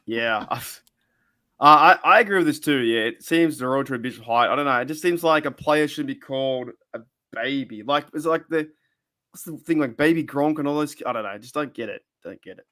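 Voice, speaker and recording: A man's voice: medium pitch, fairly quick, pushed and bright. An Australian man hosting a casual sports chat, talking loosely with lots of restarts and fillers. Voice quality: rambling, many restarts and fillers. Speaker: podcast host.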